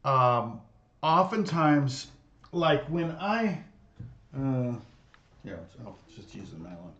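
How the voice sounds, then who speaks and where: A man's voice: mid-range voice, very animated, slow pace, a bit bright, highs cut off. A middle-aged man, a guitar teacher, chatting casually and rambling, with many fillers, restarts and laughs. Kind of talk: casual livestream chat.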